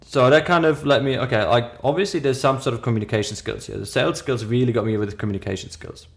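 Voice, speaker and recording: Man, foreign accent, gravelly, mid pitch, storytelling podcast chat, emphatic restarts. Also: fast talker. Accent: foreign accent in English. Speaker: podcast co-host. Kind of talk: casual podcast conversation.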